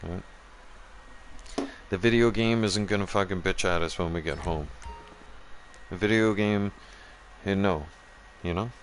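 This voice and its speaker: A man's voice: deep voice, measured pace, long pauses, slight background noise. A man hosting a gaming channel, ranting profanely in casual chat and talking straight to his viewers. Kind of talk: casual rant while streaming a game.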